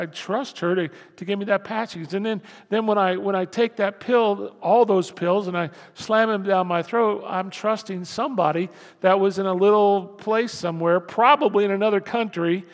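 A man's voice: high-pitched, vocal fry, long reverb tail. An older man preaching a conversational, folksy sermon to his congregation, with asides and everyday stories. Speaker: pastor.

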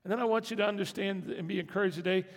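A man's voice: sits high, steady tone, racing, long reverb tail. A man preaching a sermon in a church, folksy and conversational, building to emphatic lists. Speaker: pastor.

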